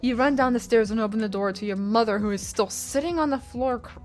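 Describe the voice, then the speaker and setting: A young woman streaming a text adventure, reading the story aloud and breaking in with sudden loud, high-pitched outbursts and swearing. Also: brisk, faint music behind.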